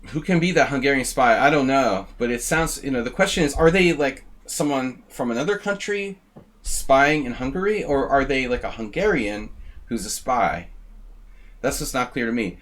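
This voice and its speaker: A man streaming live chess, chatting loosely to his viewers. He rambles from one thought to the next, thanking people by name in a relaxed, mid-pitched voice. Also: moderate pace. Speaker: chess streamer hosting a simul. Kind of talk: casual live-stream chat.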